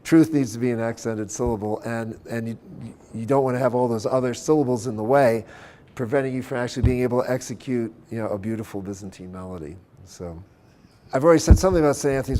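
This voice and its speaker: A man's voice: medium pitch, darkish tone. A man lecturing at a conference on church music. He explains step by step, keeps checking in with "okay?", and breaks into short sung chant examples. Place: conference center.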